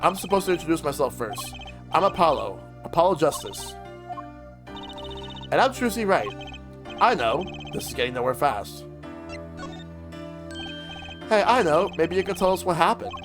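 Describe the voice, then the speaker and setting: Male streamer, slightly high voice, reads game dialogue aloud with voices; faint music behind. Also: animated, moderate pace, long pauses. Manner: voices each character, drops into casual asides.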